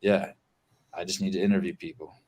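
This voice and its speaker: Male podcast host, low-ish voice, excitable and profane, loose casual chat. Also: a little fast. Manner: excitable, swears, trails off into fillers.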